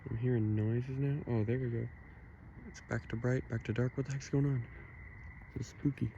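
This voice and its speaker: A man walks through a foggy neighborhood at night, chatting to his handheld camera in a loose, rambling way. His voice sits at an ordinary pitch. Night sounds and passing cars leave a steady hiss of noise behind him. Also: fairly quick, highs cut off. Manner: chatty, quietly spooked, rambling. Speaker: vlogger. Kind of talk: casual vlog narration. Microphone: handheld camera mic. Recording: noisy outdoor camera audio. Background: night sounds and distant cars.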